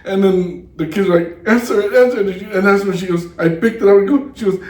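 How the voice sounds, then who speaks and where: A man telling a funny story in casual chat, laughing often and jumping into higher voices when quoting others. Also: fairly even intonation, quick pace, darkish tone, far from the mic. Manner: laughs often, jumps into high voices for quotes. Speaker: podcast co-host. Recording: echoey room, set back from the mic, faint noise.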